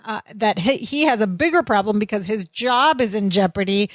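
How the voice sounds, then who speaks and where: A woman's voice: mid-range voice, normal speed, dry recording. A woman co-hosting a podcast, recapping a sitcom in casual chat, quoting characters and laughing along. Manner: chatty, laughs often, quotes characters. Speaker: podcast co-host.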